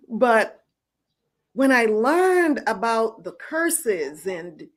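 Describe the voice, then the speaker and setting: A middle-aged woman host telling her personal faith story in an earnest, storytelling way, with soft laughs now and then. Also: fairly high pitch. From United States. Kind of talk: personal testimony.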